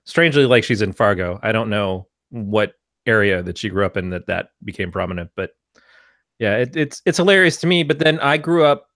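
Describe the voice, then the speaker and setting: A man from Michigan co-hosts a casual podcast. He talks in a low voice with a wry, amused tone. The sound is dry and close. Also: expressive, fairly quick, a bit bright, no room sound. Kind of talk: casual chat.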